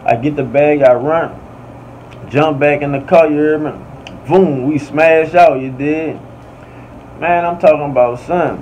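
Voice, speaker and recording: A man's voice: mid-range voice, dark tone. A man with a New Orleans accent telling a story casually, full of slang and constantly asking "you hear me". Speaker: podcast storyteller. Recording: slightly dull audio with faint air conditioning hum.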